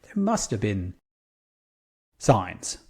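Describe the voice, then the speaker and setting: Deep-voiced man in rambling podcast chat. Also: big pitch swings, drawn-out words, darkish tone, breathy edge. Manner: rambling, searching for words, many fillers. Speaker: podcast co-host.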